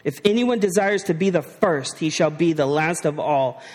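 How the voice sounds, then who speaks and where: High-voiced conversational male preacher. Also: moderate pace, darkish tone, in a large hall. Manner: conversational preaching, asks rhetorical questions and slips into slang. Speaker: pastor. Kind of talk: sermon.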